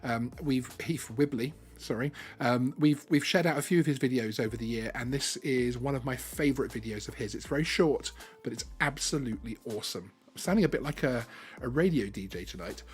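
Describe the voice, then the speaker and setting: A man's voice: mid-range voice, fairly quick, few pauses, husky. A man hosting a live stream, talking casually with many ums and restarts. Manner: chatty, lots of ums and restarts.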